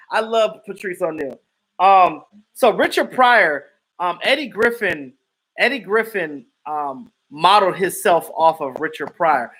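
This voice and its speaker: Man, live stream host, high voice, bright and forceful, animated casual chat. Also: measured pace, rough recording. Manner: animated, laughs often, acts out quotes. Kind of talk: casual chat reacting to viewers.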